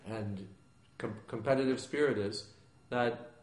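A man teaching a question-and-answer class, explaining calmly in plain words with rising emphasis. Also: on the low side, a little slow. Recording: echoey room with background noise.

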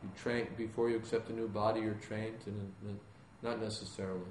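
A man teaching a question-and-answer class, explaining calmly in plain words with rising emphasis. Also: lowish voice, a little fast. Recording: echoey room with background noise.

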